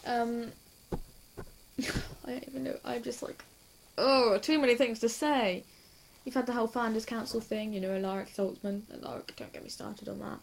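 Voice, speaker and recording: A young woman with a slightly high voice talks in a loose, rambling way. She giggles often and gushes, sounding hyper as she hops from one point to the next in a casual reaction vlog. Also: level tone, vocal fry, darkish tone, a little hiss or hum. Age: young adult. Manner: hyper, giggly and quick to gush. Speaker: TV reaction vlogger.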